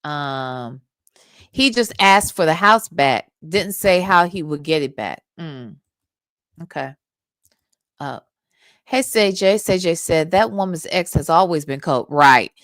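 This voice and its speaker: A woman's voice: low-pitched, expressive, slow pace, fairly bright tone, no room sound, clean studio sound. A woman streaming live, talking bluntly and with profanity straight to her chat. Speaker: streamer reacting to a radio segment.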